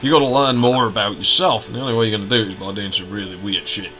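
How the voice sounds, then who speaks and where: A man's voice: on the low side, fairly even intonation, very fast, background noise. A man with a Hull accent giving crude, rambling, profane gameplay commentary, often laughing. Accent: Hull, Yorkshire. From Hull, England. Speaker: let's play host. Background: game music.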